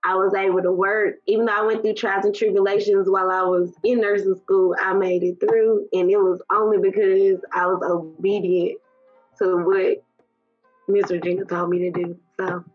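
A woman tells her own story in a husky, breathy voice, chatty and emotional, leaning on fillers as she goes. The audio is dull and lo-fi, with faint music in the background. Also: medium pitch, flat delivery, normal speed. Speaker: guest. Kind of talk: casual storytelling interview.

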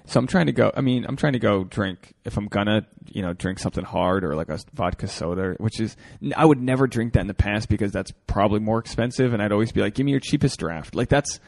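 A man's voice: on the low side, fast, gravelly, few pauses, a little mellow, no echo, studio quality. A man hosting a podcast in casual chat, rambling and restarting his sentences, often breaking into laughs. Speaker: podcast host.

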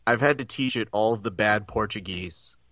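A man's voice: fairly low pitch, moderate pace, crowd noise. A man co-hosting a podcast in casual chat, joking and swearing freely. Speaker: podcast co-host.

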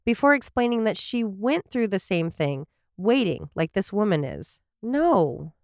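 Giggly woman recapping, lively voice. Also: mid-range voice, measured pace, no room sound, clean studio sound. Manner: laughs often, reads summaries aloud and trips over words. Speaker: podcast co-host. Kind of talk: casual chat recapping a sitcom episode.

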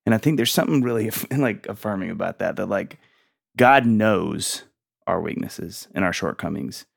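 A man in his thirties hosting a casual faith and parenting podcast, telling stories with lively acted-out quotes and frequent laughs. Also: fairly low pitch, normal speed, gravelly, no room sound, studio quality. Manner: animated storyteller, acts out quotes, laughs often. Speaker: podcast host.

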